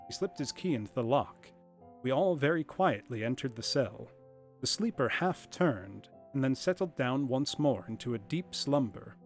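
A man narrating a classic detective story aloud, in a measured and expressive reading with a lively rise and fall in pitch. Faint music plays behind him.

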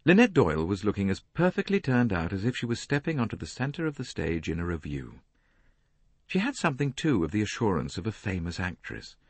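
A man narrating an audiobook in a measured, expressive reading on a close studio mic. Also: fairly low pitch, breathy edge, dry recording. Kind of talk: scripted narration.

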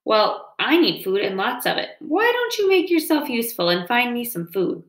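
A woman's voice: fairly high pitch, very animated, moderate pace, voice pushed up. A woman reading aloud and voicing a hungry, sly male fox who growls and sneers. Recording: roomy echo.

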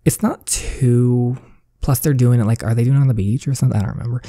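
A man's voice: mid-range voice, quick pace, dark tone, no echo, studio quality. A man giving playful, chatty commentary while reading through a story game. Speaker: gameplay video creator.

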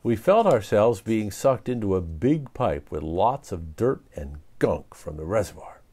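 A man reading a children's storybook aloud in an animated, expressive way. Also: on the low side, measured pace. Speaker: storybook reader.

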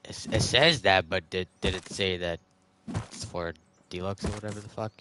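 A man's voice: deep voice, normal speed, background noise. A young man in casual gaming voice chat, crude and trash-talking with plenty of swearing.

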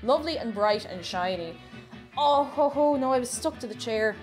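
A woman's voice: a little high, lively intonation, moderate pace, faint music behind. Bubbly chatty woman streamer. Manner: bubbly, chatty, repeats her phrases, greets chatters by name. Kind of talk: casual live-stream chat while baking.

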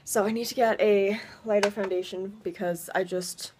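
A woman's voice: mid-range voice, steady tone, moderate pace, darkish tone, slight background noise. A young woman from Canada chatting casually to camera in a daily vlog, swearing freely and joking at her own expense. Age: young adult. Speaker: vlogger.

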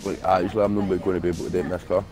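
A man's voice: low voice, flat delivery, very fast, over music. A Scottish man gaming with a friend, talking in laid-back, easygoing banter. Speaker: gamer streaming with a friend.

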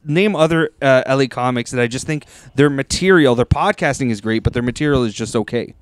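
A man's voice: medium pitch, a little fast, smooth, dry recording, studio quality. A man hosting a podcast, sharing opinions in casual chat and hedging as he goes.

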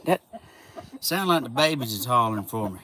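A man chatting casually outdoors by his animal pens, slow and doting, slipping into baby-talk with his animals. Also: mid-range voice, lively intonation. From Southern United States. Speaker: vlogger. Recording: loud outdoor background noise. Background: chickens clucking and roosters crowing.

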